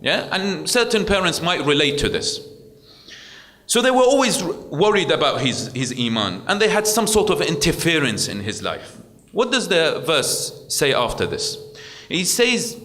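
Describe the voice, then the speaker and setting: A man's voice: on the high side, sing-song, measured pace, bright, forceful tone, big-room sound. A man preacher giving a sermon, talking earnestly with frequent repeated words and acted-out quotes.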